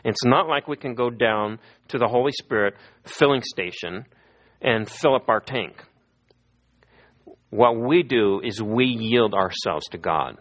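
A man's voice: mid-range voice, measured pace. A middle-aged man preaching a sermon as a pastor, telling stories and acting out the people he quotes. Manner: lively storytelling, acting out quoted voices.

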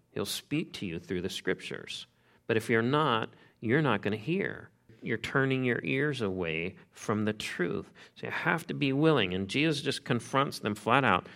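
A pastor preaching an expository sermon in a conversational, emphatic way, repeating key phrases. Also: male voice, medium pitch, a bit bright.

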